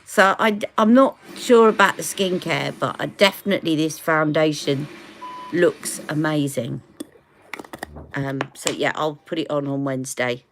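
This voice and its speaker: A woman's voice: low-pitched, a little slow, slight background noise. British woman chatting away on a beauty livestream, rambly, laughs a lot. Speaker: beauty live-stream host. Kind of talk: casual live-stream chat.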